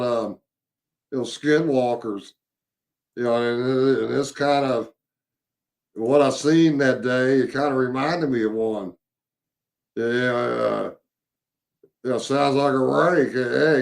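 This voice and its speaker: A man telling his own encounter story in a casual, halting way, with many fillers and restarts. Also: mid-range voice, vocal fry.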